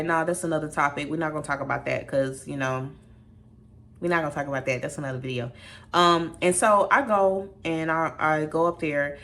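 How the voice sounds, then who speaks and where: A young adult woman chatting through a storytime vlog in a low-pitched voice. She is animated and full of asides, and keeps talking straight to her viewers. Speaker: vlogger.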